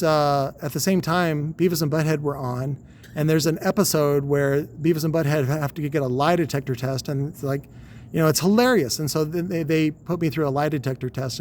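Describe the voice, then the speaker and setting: A man's voice: a little high, darkish tone, a little hiss or hum. A man in his forties casually telling a long, rambling, profane story with wry humor. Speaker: podcast host.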